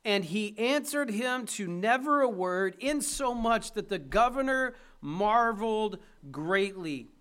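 A man's voice: high voice, expressive, takes it slowly, hardly any pauses, fairly bright tone, clear, resonant tone. A man preaching an emphatic sermon, reading scripture aloud and putting rhetorical questions to his listeners.

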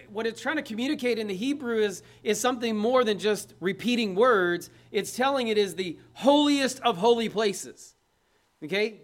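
A man preaching a sermon, emphatic, repeating his phrases and putting questions to the listeners. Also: high voice.

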